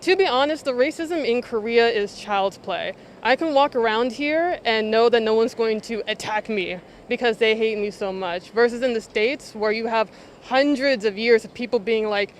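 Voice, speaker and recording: A man in a street interview giving his view in a measured, reflective way. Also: very high voice, a little hiss or hum.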